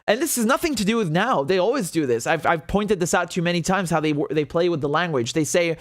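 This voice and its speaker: A man's voice: a little high, lively intonation, quick pace, few pauses, dry recording, studio quality. Indignant man hosting political commentary. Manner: indignant, sarcastic, swears freely. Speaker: host of a political commentary show.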